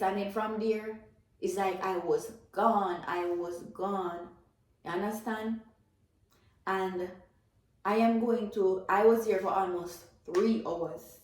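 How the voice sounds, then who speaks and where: A woman with a Jamaican accent giving an earnest, emotional faith testimony, repeating herself as she tells it. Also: medium pitch. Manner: earnest, emotional storytelling with repetitions. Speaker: testifying believer. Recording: very echoey room.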